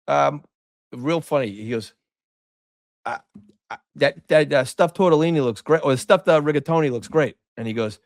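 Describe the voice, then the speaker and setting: A man's voice: fairly high pitch, moderate pace, dry recording, clean studio sound. A middle-aged man, co-hosting a podcast, telling stories casually and acting out what people said, swearing freely. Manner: animated storyteller, acts out quotes, swears freely. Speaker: podcast co-host. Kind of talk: casual chat, storytelling.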